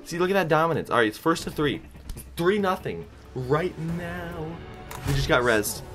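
A man's voice: on the high side, expressive, normal speed, a bit bright, soft background music. A young man casually commentating his own gameplay, hyped and joking, trash-talking and laughing. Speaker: gaming YouTuber.

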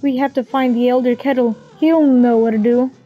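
A woman's voice: fairly high pitch, steady tone, normal speed, lo-fi sound, soft background music, close to an everyday voice. A woman voicing a rash young cup boy, speaking with panting urgency. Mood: urgent.

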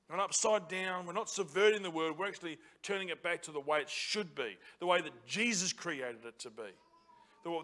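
A man preaching a sermon as pastor in a church, passionate and building to loud emphatic repetition. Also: sits high. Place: church auditorium.

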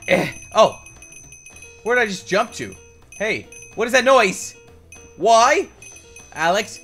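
A woman's voice: mid-range voice, big pitch swings, slow pace, pauses often, a bit bright, husky, faint music behind. A woman giving sarcastic, exasperated commentary on her Minecraft game and complaining to her partner. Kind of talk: scripted gameplay commentary with a partner.

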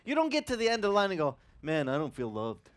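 A male pastor preaching a sermon, telling stories with many restarts and acting out the people he quotes. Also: on the high side. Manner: animated storytelling, acting out quoted voices; halting, with frequent restarts.

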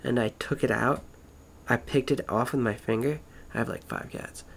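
A man's voice: mid-range voice, moderate pace, gravelly, slight background noise. A man rambling through a casual monologue, swearing constantly, wandering between thoughts and trailing off mid-sentence. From Florida.

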